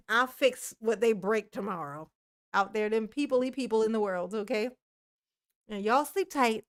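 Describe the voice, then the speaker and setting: A woman's voice: a little high, measured pace. A woman hosting a casual livestream sign-off, drawling affectionately, calling herself Mama and laughing often. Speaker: YouTube channel host.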